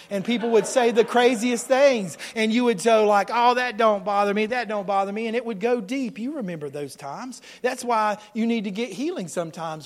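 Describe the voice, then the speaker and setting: A middle-aged male pastor preaching a sermon with animated delivery, acting out voices and swinging between loud and hushed. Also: high voice.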